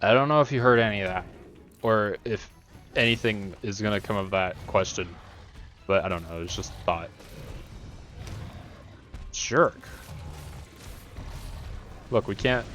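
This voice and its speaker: A man's voice: on the low side, unhurried, pauses often, fairly bright tone, soft background music. A man streaming a game, rambling in a joking way, answering chat and scolding the monster on screen. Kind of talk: casual live-stream chat while playing.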